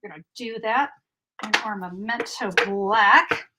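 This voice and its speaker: A woman's voice: mid-range voice, measured pace, very noisy. A middle-aged woman giving a chatty, upbeat live card-making tutorial and answering viewer comments as she goes.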